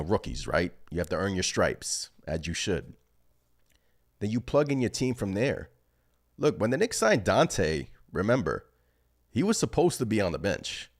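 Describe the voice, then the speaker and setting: On a live reaction stream, a male fan-channel host with a very low voice gets excitable and rambles. He thinks out loud as he goes.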